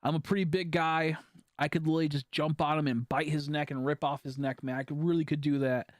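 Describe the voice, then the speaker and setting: A man's voice: fairly high pitch, fast talker, no room sound. Rambling, profane male streamer, dry sound. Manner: rambling and profane, with frequent fillers and restarts; animated, jumping from hushed to loud. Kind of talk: casual storytelling while gaming.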